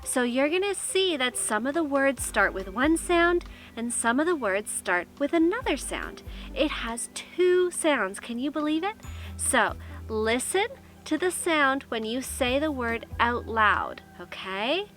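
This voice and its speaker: A woman's voice: sits high, big pitch swings, measured pace, a bit bright, faint music behind. A woman teaching a kindergarten lesson, talking cheerfully and coaxingly straight to young children.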